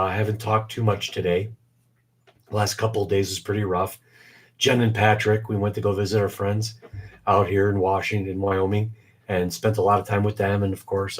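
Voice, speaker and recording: A man in his forties hosting a casual live stream, rambling with many fillers, his voice weak and short of breath. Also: on the low side. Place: home basement shop.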